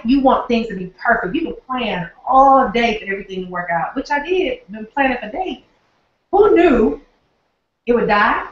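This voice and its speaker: A Southern woman, fairly high-voiced, winds down a live online training in a friendly, folksy manner. She sounds far from the mic in a very echoey office, and the recording is dull and lo-fi. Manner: upbeat, folksy, talks straight to viewers. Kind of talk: live webinar sign-off. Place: office, alone.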